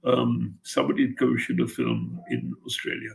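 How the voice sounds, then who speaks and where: An older man's deeply gravelly voice, full of fry, rises and falls in a lively way. He is an author from India, telling a story in an interview with blunt, wry humour. He acts out the lines of the people in his story. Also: a little fast, rough recording. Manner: wry, blunt anecdotal storytelling with acted-out quotes.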